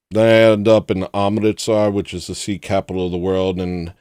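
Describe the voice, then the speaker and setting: A man hosting a livestream, telling a rambling personal story in a casual way and acting out the people in it with loud put-on voices. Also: deep voice, smooth, dry recording, clean studio sound. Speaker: livestream host.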